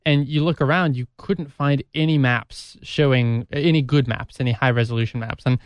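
A male co-host with a smooth, resonant voice explains things haltingly, with many fillers. His voice sounds dry and close to the mic. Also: medium pitch, fairly even intonation, dry recording. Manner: hesitant, many fillers and restarts. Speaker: radio show co-host. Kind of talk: casual radio chat.

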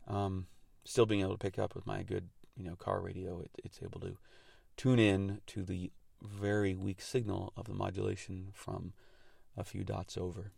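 A man's voice: low voice, flat delivery, moderate pace, vocal fry, few pauses, darkish tone, slightly rough, no echo, studio quality. A man hosting a radio show, talking through technical details and his thoughts in an earnest, reflective monologue.

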